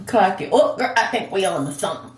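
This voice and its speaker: A woman's voice: mid-range voice, expressive, fast talker, soft background music. A young woman vlogging while styling a wig at home, talking candidly and swearing freely in casual girl-talk. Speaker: beauty vlogger. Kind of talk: casual chatty vlog. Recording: echoey room with faint noise.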